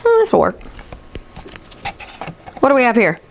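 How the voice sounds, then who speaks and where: A woman teacher leading a classroom phonics lesson, encouraging and stretching sounds out slowly. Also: a little high, wildly swooping pitch, vocal fry, a little hiss or hum.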